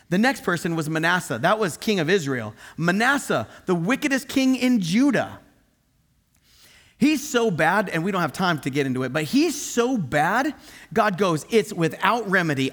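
Male pastor, sermon, lively melodic delivery, slightly high voice, chatty emphasis. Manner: animated, conversational, emphatic. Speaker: preacher.

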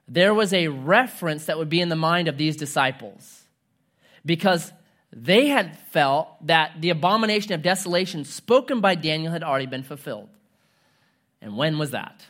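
A male pastor delivers a sermon as an animated story. He speaks casually and adds joking asides. His pitch rises and falls widely throughout.

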